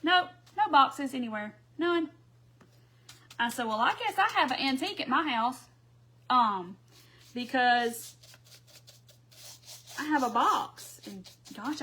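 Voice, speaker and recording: A woman's voice: high-pitched, animated, takes it slowly, pauses often, bright, forceful tone, slightly rough. A woman, hosting a casual craft livestream from home, chatting and laughing with her viewers while she paints. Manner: chatty, laughs often, talks to viewers as y'all.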